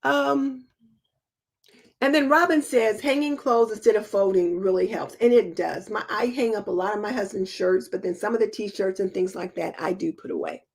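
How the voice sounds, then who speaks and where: A woman's voice: mid-range voice, moderate pace, creaky, breathy edge. A middle-aged woman hosting a home show in casual live-stream chat, reading viewer comments and answering in a chatty, homey, practical way. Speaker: host.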